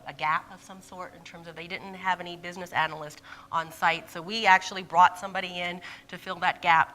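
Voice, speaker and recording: An expressive woman gives a conference talk, animated and quick to laugh. Her voice is bright and clear but sits on the low side. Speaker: conference presenter.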